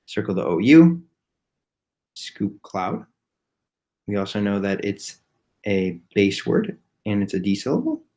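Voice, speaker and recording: A male teacher leads a children's phonics lesson at a slow, unhurried pace. His voice sits fairly low, and he spells each word out letter by letter with patient repetition. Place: home, recorded remotely.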